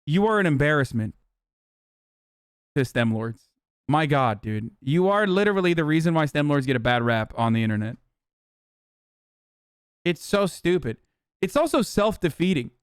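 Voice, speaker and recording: A male streamer rants at his chat in heated, profane bursts, blunt and mocking. His voice is smooth and resonant, fairly high for a man, and recorded close and dry with no room sound. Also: lively intonation, moderate pace, pauses often, no echo. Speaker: streamer host. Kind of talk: profane live-stream commentary.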